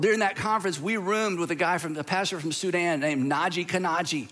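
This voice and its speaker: High, bright-voiced man preaching. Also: fairly quick, hardly any pauses. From southern United States. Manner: earnest, conversational storytelling with restarts. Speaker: pastor. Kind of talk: sermon.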